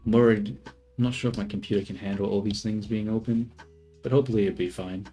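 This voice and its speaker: A man's voice: on the low side, steady tone, fast, mellow, faint music behind. A young man streaming his 3D modeling work, thinking aloud in casual chatter, trailing off and correcting himself as he goes. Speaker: livestreamer doing 3D modeling.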